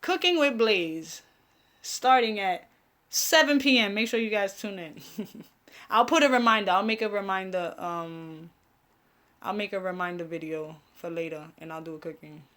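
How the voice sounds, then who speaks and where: Speaking at medium pitch and a moderate pace, this young woman has a somewhat bright tone while running a casual live stream. She was raised speaking Spanish in a Caribbean family, and her viewer chat is profane and full of laughter.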